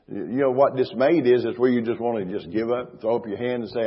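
Middle-aged male pastor, husky, preaching emphatically in a big reverberant church hall. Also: medium pitch. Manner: emphatic preaching, slows and stresses scripture, repeats phrases. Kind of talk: sermon. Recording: reverberant hall, dull lo-fi sound.

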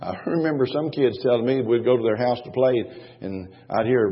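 A man's voice: medium pitch, expressive, a little fast, slightly rough. A man preaching a sermon as pastor, repeating his points emphatically, asking the congregation questions and chuckling between lines. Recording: dull, long church-hall reverb.

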